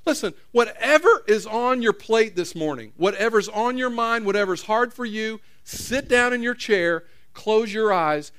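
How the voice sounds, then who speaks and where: High-voiced middle-aged pastor, conversational sermon. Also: male voice, animated, measured pace, few pauses, fairly bright tone, smooth. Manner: conversational, repeats phrases, questions the audience. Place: church.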